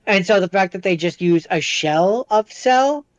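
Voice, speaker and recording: A man co-hosting a podcast in casual chat, chiming in with quick, dry remarks. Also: sits high, expressive, dry recording. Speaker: podcast co-host. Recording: dull lo-fi audio.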